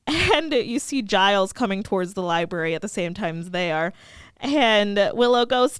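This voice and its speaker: A woman's voice: medium pitch, animated, clear, resonant tone, dry recording, studio quality. A woman on a casual podcast, recapping a TV episode and acting out the characters' lines with frequent laughter. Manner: acts out characters' lines in quick bursts, laughs often. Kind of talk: casual podcast chat, retelling scenes.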